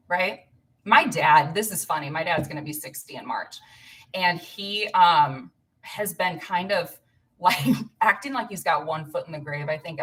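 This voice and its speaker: Her voice is on the low side and a bit bright, picked up from slightly far off the mic. She's a woman in her thirties from Illinois, stepping in to host a casual live stream where she rambles, chats with viewers and laughs frequently.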